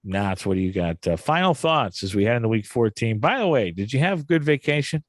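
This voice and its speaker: A man's voice: mid-range voice, big pitch swings, brisk, no echo. A man hosting a casual sports betting chat, who stops, restarts and repeats words while he steers the talk. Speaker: podcast host.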